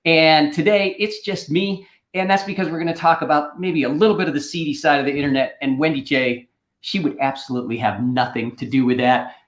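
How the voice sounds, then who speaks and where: A middle-aged man spins a casual anecdote on a livestream and keeps tossing in "right?" as he goes. His voice sits a little high. The room around him rings noticeably. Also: fairly even intonation, a little fast, echoey room. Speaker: host.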